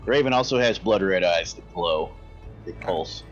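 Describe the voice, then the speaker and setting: A man's voice: sits low, normal speed. A man narrating as game master of a tabletop game, describing scenes in a rambling, self-correcting way. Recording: dull lo-fi mic with faint music.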